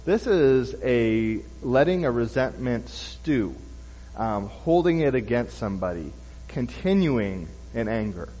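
A man's voice: medium pitch, very animated, slow pace, dark tone, big-room sound, low-quality recording. A man giving a sermon, reading scripture and then explaining it loosely, with many fillers and restarts. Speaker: preacher.

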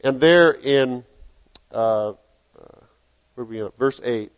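A man preaching a sermon, reading scripture aloud and acting out the people in it with lively changes of voice. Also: mid-range voice, takes it slowly, pauses often, clean tone, muffled recording. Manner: animated, acts out dialogue in quotes.

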